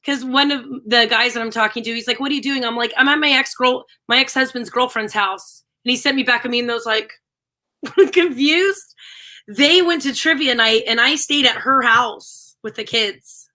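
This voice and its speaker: A woman co-hosting a live stream, chatting casually and telling animated, ranting stories. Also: on the high side, moderate pace. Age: adult with a daughter. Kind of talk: casual chat.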